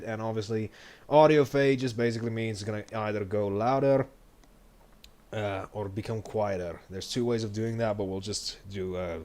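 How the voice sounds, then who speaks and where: Low-voiced man explaining video editing. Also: a little mellow. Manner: loose explaining, stops to rethink. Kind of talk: casual editing walkthrough.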